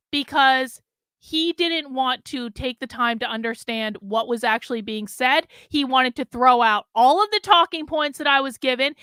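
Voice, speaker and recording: Woman, vlogger, exasperated rant, profane, repetitive, high voice, dry close recording. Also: pushed and bright, clear, resonant tone, no echo. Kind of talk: ranting vlog.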